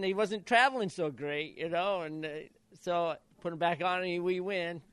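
Brief: man in his sixties from Idaho, ex-jockey storyteller, slightly high voice, lively, dry close sound. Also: moderate pace, hardly any pauses, smooth, dry recording. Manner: lively anecdotal, acts out quotes. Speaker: retired jockey. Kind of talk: storytelling in an interview.

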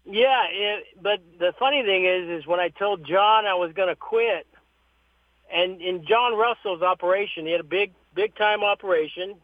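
A man, a horse trainer, telling stories as an interview guest in a lively way, acting out the people he quotes. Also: high voice, moderate pace, dry recording. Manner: lively storyteller who acts out the people he quotes. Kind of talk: storytelling interview. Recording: tinny phone line.

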